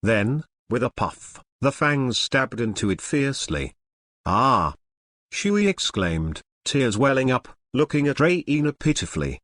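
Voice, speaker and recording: A male narrator reading a fantasy novel aloud, mid-pitched with animated, swinging inflection. The sound is close and dry, with no room around the voice. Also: measured pace, few pauses, no room sound. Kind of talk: scripted narration of a translated novel.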